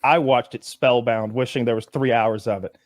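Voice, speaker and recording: A man's voice: medium pitch, steady tone, normal speed, no echo. A man on a casual podcast, telling a story with acted-out quotes and a lot of swearing. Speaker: podcast co-host.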